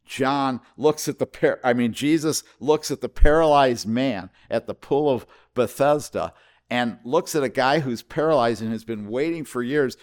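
An older man preaching a sermon as pastor at a church service, impassioned, repeating his questions with rising emphasis. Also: mid-range voice.

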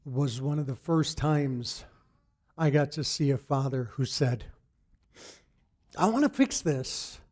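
A middle-aged man giving a personal faith testimony in an earnest, halting way, often restarting his sentences. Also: a little high, mellow. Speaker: church member giving testimony.

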